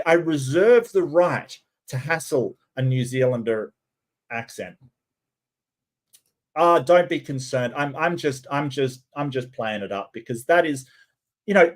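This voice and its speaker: An Australian man hosting a reaction commentary, talking in a sarcastic, mocking way. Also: medium pitch. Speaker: commentary host.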